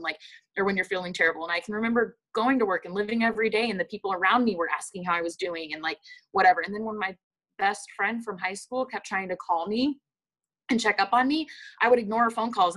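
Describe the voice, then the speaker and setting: A young woman from the rural United States recounting a personal loss in a halting testimony full of fillers and restarts. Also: medium pitch, fairly bright tone, low-quality recording.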